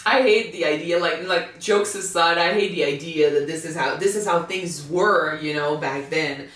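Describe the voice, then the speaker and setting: A man's voice: a little high, moderate pace. Rambling, swearing man in an echoey room. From Canada. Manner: excitable, swears freely, rambling with many restarts. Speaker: anime reaction co-host. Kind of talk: casual chat reacting to an anime. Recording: echoey room, mic far off.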